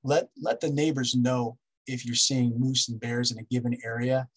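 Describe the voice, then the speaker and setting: A man's voice: mid-range voice, level tone, normal speed, slightly rough, low-quality recording. A man giving a public wildlife safety lecture, instructive and repetitive, checking in with "okay?" as he lists steps. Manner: instructive, repeats key steps, asks "okay?".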